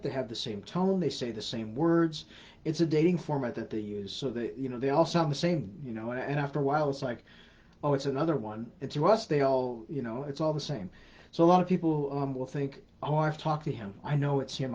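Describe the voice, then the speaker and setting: Middle-aged male livestream host, relaxed and dark in tone, chatty with restarts, on dull lo-fi audio. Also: mid-range voice. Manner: chatty, repeats words and restarts often. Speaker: host of a scam-awareness livestream. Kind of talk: casual livestream Q&A.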